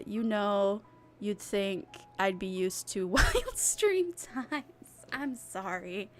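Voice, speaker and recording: A woman streaming as a VTuber, chatting casually with her live chat in a rambling, giggly way. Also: medium pitch. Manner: giggly, rambling, drawn-out talk.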